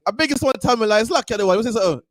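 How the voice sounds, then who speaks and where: Fast, heated man ranting. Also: very high-pitched, dry recording. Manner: animated, heated, keeps tagging "man". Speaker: podcast host. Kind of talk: ranting casual commentary.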